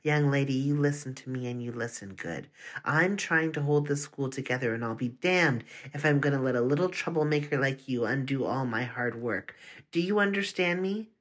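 A reader playing a middle-aged male school principal, stern and lecturing, in a story read aloud. The pitch sits in the middle and the delivery is firm and threatening. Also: expressive, normal speed, fairly bright tone, lightly acted.

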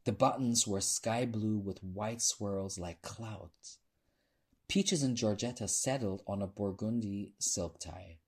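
A man reading a novel aloud as narrator, in a measured storytelling manner and voicing the characters' lines. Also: lowish voice, a little mellow, husky. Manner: measured storytelling, lifting voice for dialogue. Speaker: audiobook narrator. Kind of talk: scripted narration with character voices.

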